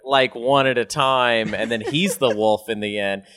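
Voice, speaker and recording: A man's voice: mid-range voice, moderate pace, fairly bright tone. A tired man co-hosting a podcast, chatting in a playful, rambling way. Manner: playful, rambling, lots of "like" fillers. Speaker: podcast co-host. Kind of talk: casual chat.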